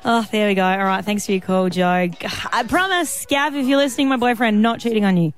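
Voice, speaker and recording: A woman hosting a radio show from the studio, chatty and bubbly with quick laughs. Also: medium pitch. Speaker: radio host. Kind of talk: casual radio chat. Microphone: studio mic.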